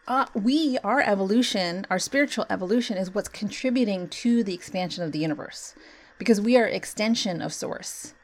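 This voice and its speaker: A woman with a mid-range voice hosts a solo talk on compassion and spiritual growth. She's earnest and conversational, saying "you know" often and breaking into laughter.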